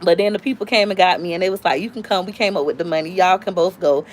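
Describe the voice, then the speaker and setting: A woman, telling stories casually on a live stream and jumping high when she quotes people. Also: quick pace. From Tampa, Florida. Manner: animated storyteller, squeals high when quoting. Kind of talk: casual storytelling chat.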